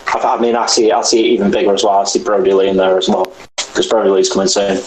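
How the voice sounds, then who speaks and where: A British man co-hosting a wrestling podcast in casual chat, enthusiastic and quick to laugh. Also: deep voice, flat delivery, reverberant, slight background noise, rough recording. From United Kingdom. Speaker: podcast co-host.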